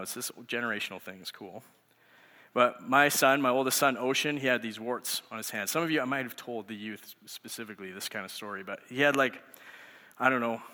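Man, thirties, pastor, chatty storytelling sermon, bright forceful voice, hall reverb. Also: mid-range voice. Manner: conversational storytelling. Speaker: youth pastor.

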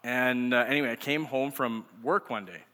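Bright-voiced man preaching in an echoey hall. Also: mid-range voice, normal speed. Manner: conversational storytelling. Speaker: youth pastor. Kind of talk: sermon.

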